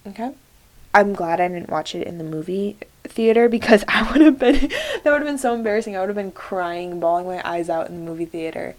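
A woman's voice: mid-range voice, expressive, a little fast. Gushing young woman podcast host. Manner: gushing, many fillers like "like" and "um". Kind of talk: casual solo podcast chat.

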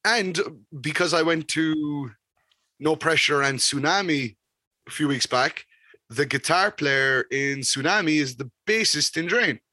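An Irish man co-hosting a podcast, telling sweary stories in an animated, casual way. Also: on the high side, unhurried, no echo. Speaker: podcast co-host. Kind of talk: casual chat.

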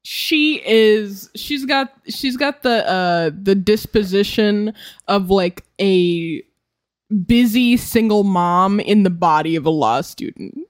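A woman's voice: mid-range voice, takes it slowly. Wry woman co-hosting a podcast. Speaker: podcast co-host. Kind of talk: casual podcast chat.

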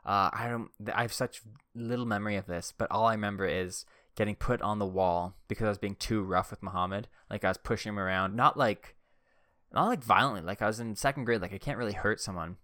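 A man's voice: on the low side, fast talker, bright, forceful tone, no room sound, studio quality. A young man telling childhood stories in a rambling, casual way, full of "like" and "uh". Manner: rambling, heavy use of "like" and "uh".

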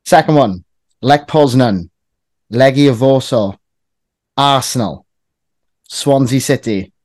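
A man hosts a casual football quiz, teasing his friends as he reads out lists of clubs. His voice sits at an ordinary pitch. The sound is close and dry. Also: slow, darkish tone, no room sound. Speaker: quiz host.

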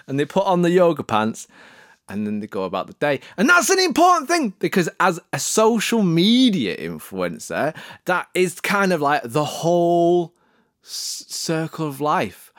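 A man's voice: on the high side, very animated, normal speed, no room sound, studio quality. A man hosting a podcast in a comic, rambling monologue, playful and sarcastic in a mock-earnest way. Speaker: podcast host promoting an agency.

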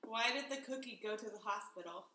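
A woman's voice: medium pitch, fast, pushed and bright. A woman joining a casual family joke segment, teasing and laughing at her own jokes. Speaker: family member on a podcast. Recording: roomy echo, faint noise.

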